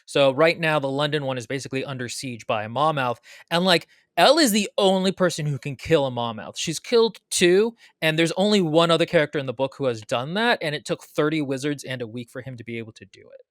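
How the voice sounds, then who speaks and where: A co-host on a casual book podcast talks things through and checks their own reading of the story. They speak at a mid pitch, and the sound is dry, with no room echo. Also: expressive, fairly quick, hardly any pauses. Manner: thoughtful, checks understanding, hedging. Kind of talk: casual book review chat.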